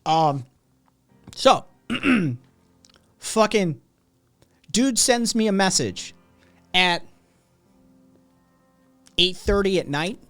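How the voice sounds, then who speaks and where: Man, livestream host, rambling swear-heavy storytelling, slightly high voice, faint music behind. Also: expressive, extremely slow, long pauses, a bit bright. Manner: rambling, heavy swearing, frequent "right?" asides. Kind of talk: casual profane storytelling to chat.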